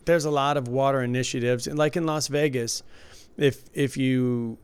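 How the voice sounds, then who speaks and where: A man's voice: medium pitch, steady tone, normal speed, smooth. A man from Michigan with a Michigan accent, co-hosting a podcast in loose, rambling casual chat, laughing often and saying "like" a lot. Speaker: podcast co-host.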